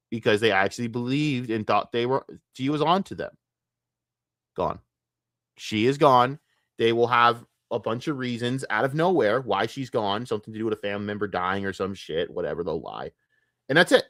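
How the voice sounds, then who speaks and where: Guy streamer cussing and mocking, yells then mutters, dry close sound. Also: mid-range voice, no echo. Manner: profane, mocking rants; shifts between shouting and muttering. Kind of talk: reaction stream commentary.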